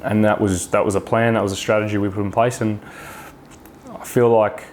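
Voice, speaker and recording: Frank, low-voiced Australian man. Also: level tone, brisk, darkish tone, a little hiss or hum. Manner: frank, swears freely, many restarts and fillers. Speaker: guest. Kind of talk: casual podcast chat.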